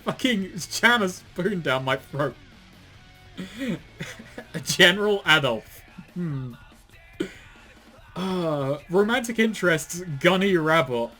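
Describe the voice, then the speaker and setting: A fairly high-pitched man riffing through a commentary recording, reading text aloud and tearing into it with dry, sardonic jabs and bursts of laughter. Faint music plays underneath. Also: animated, slow pace, pauses often, pushed and bright. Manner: sardonic, swears and laughs often. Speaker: commentary co-host. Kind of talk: casual reading and mocking commentary.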